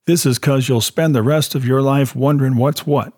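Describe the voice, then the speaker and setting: A man voicing a gruff, stern old male cemetery caretaker whose words whistle as if his teeth are out. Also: medium pitch, fairly even intonation, moderate pace, a little mellow, no room sound, clean studio sound, natural voice.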